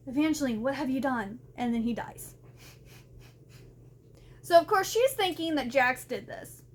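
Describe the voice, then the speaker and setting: Chatty high-voiced woman recapping a book. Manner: chatty and rambling, often says "like". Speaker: book vlogger. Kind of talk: casual spoken book recap.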